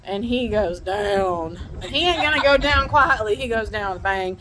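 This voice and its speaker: A woman telling a ranch story in a casual vlog, animated and laughing, shouting out the quoted lines. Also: mid-range voice, normal speed, very noisy. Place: outdoors on a ranch.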